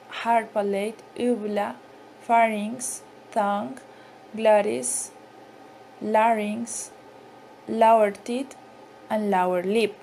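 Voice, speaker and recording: A woman with a fairly high voice narrates a scripted pronunciation lesson. Her delivery is steady, measured and explanatory, with a faint hiss of noise behind her. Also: poor audio. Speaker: pronunciation teacher.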